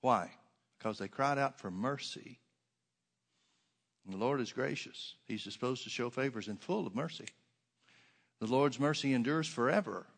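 A man preaching a sermon, reading scripture aloud and swinging between emphatic stresses and soft, quiet asides. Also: medium pitch, normal speed, vocal fry, long pauses, husky.

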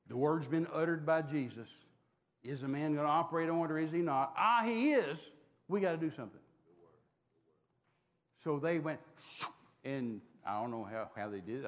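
A man preaching a sermon, telling the story in an animated, folksy way. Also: medium pitch, in a large hall.

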